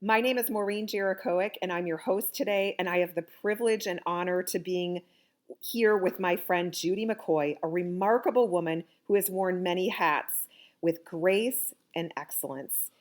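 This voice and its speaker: A woman's voice: on the low side, normal speed. Woman hosting, formal introduction. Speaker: host. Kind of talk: podcast interview introduction.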